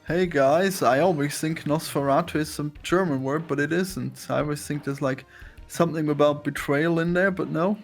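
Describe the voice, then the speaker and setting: A man's voice: a little high, normal speed, gravelly, faint music behind. A man co-hosting a film podcast, retelling scenes with lots of restarts. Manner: hesitant, restarts, animated storytelling. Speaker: podcast co-host. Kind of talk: casual chat about a film.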